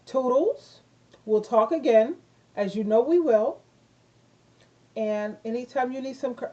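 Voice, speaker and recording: A woman's voice: on the high side, dark tone, highs cut off. A middle-aged woman vlogging casual life advice to her viewers, rambling and repeating herself with effusive praise. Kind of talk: casual talk to camera.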